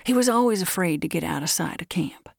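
A sly young cowboy, read by a woman, speaks in a soft, mournful drawl that sinks almost to a whisper. The voice sits low and sounds dry and close, as in a storybook reading. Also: lively intonation, a little fast, gravelly, breathy edge, no room sound, heavily acted.

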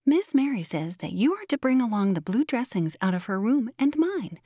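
A woman's voice: on the high side, sing-song, moderate pace, warm tone, husky, dry recording, studio quality, pitched above the performer's own voice. A woman voicing an eager little girl who passes on orders in a chirpy, insistent way.

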